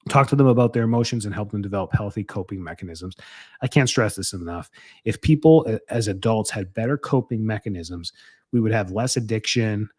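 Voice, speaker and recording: A brisk man in his thirties, his voice lowish, a little mellow and slightly rough, hosts a casual podcast by himself. He rambles earnestly and regularly corrects himself.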